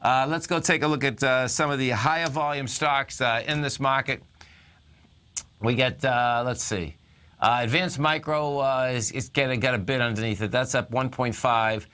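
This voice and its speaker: A man's voice: mid-range voice, fairly even intonation, normal speed, pushed and bright, clear, resonant tone. A male talk radio host giving casual, rambling stock market commentary.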